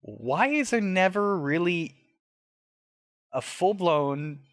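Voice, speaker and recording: A man in his thirties co-hosting a podcast, chatting casually in an animated way with stammering restarts. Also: high voice, slow pace, no echo, clean studio sound. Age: 30s. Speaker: podcast co-host. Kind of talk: casual recap chat.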